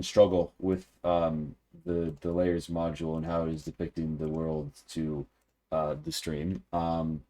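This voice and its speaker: Low-pitched male game master, loose rambling narration. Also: a little mellow. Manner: rambling, filler-heavy description.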